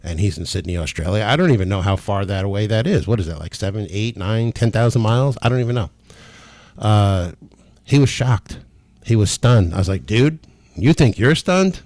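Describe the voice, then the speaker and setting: A man talking as a spiritual healer in a casual, emphatic monologue, excited and emotional enough to be near tears. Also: lowish voice, a little fast, dry recording. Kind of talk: casual testimonial monologue to camera.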